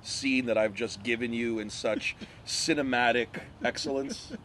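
A man's voice: mid-range voice, steady tone, measured pace, fairly bright tone, slight background noise. A man guest casually telling rambling stories and laughing often. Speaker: wrestler guest. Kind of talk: casual storytelling.

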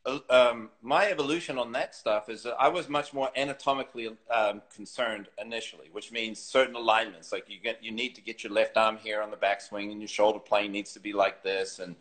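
Animated New man telling stories. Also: lowish voice, fairly quick, few pauses. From New Zealand. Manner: animated storyteller, laughs often, acts out quotes. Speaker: golf coach and former tour pro. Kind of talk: interview storytelling. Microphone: video call.

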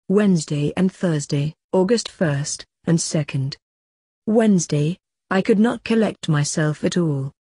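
A woman reading a diary aloud as an audiobook, in an earnest, measured way. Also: lowish voice, warm tone, slightly rough, dry recording, clean studio sound. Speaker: audiobook narrator. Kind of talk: scripted narration of a diary.

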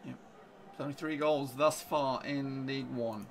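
A man giving live reaction commentary on a football match, urging his team on and getting excitable. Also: mid-range voice, measured pace, noisy background. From England. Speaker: fan reaction streamer.

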